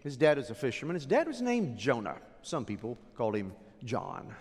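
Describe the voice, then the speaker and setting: A man preaching a sermon as pastor, dramatic, swinging from loud declarations to hushed asides. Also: mid-range voice, wildly swooping pitch, moderate pace, slightly rough, big-room sound.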